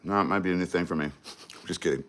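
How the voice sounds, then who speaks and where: A man's voice: low-pitched, fast, a bit bright. A man hosting a casual livestream, chatting to viewers in a laid-back, slangy way while eating. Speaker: livestream host.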